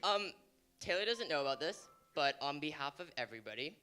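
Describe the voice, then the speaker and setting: A man's voice: a little high, lively intonation, a little fast, bright, forceful tone. A man giving a sincere, slightly hesitant tribute on a theatre stage. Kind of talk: live onstage tribute speech. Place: theatre stage before a live audience. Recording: live stage sound with music behind.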